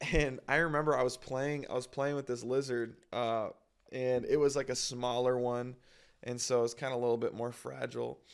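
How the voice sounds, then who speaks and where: A young man telling a personal story in a rambling, self-conscious way, full of fillers and little acted quotes. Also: mid-range voice. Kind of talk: casual storytelling.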